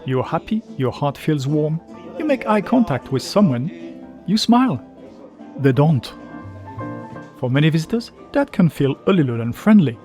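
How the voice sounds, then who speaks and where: Hosting a travel video, a man gives lively, explanatory scripted narration over faint music. His voice is on the high side, his pace moderate, and he takes long pauses.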